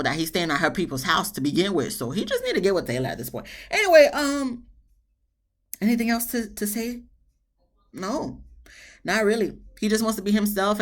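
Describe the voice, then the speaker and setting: A woman's voice: low-pitched, a bit bright. Chatty, emphatic woman reviewing TV. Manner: chatty, emphatic, dramatic asides. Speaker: TV show reviewer. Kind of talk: casual vlog review.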